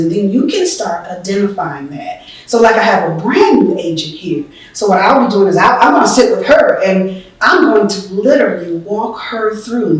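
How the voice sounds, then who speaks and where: A woman hosting a casual panel talk, explaining how she coaches new agents in an earnest way. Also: mid-range voice. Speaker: host and team leader. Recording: echoey room, mic far off.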